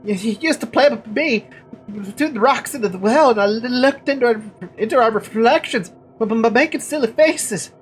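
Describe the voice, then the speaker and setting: A woman's voice: on the high side, normal speed, faint music behind, voice pushed up, natural voice. A woman voicing a timid, lovesick male violinist from a village who stutters heavily and pleads. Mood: pleading.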